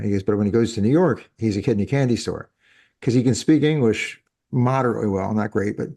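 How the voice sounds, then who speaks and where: This is a man in his fifties, based in France, hosting a podcast as a relaxed conversation; he wanders off track, corrects himself, and laughs a lot. He speaks a little fast in a lowish, mellow voice with some vocal fry.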